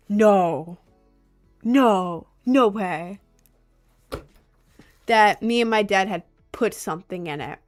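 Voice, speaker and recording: A young woman in casual storytime chat, animated and exasperated, sometimes slipping into mock voices of others. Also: medium pitch. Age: young adult. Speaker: vlogger.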